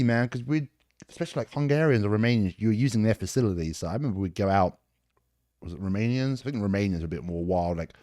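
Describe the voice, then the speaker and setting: British guy in his 40s, low voice, laid back storyteller, swears a bit, dry close sound. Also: dark tone, no echo. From England. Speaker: podcast guest, army veteran. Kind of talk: casual interview.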